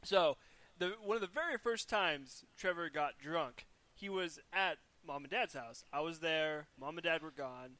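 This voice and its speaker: A man's voice: fairly high pitch, measured pace, sharp tone. A man casually telling stories as the older brother, profane and laughing often. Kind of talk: casual chat.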